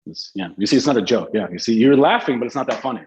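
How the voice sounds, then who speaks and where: A man's voice: mid-range voice, expressive, racing, a little mellow, dull audio, a little hiss or hum. A man teaching an English class live online, in a casual, joking, slangy way. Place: Dubai.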